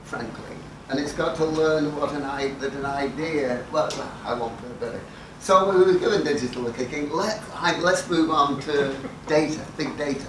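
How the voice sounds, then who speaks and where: A man's voice: a little high, normal speed, hardly any pauses. An older man giving a talk to an audience, telling wry, profane anecdotes from his career in a dry, self-mocking way. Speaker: conference speaker. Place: lecture hall with audience. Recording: echoey hall, mic at a distance, noisy.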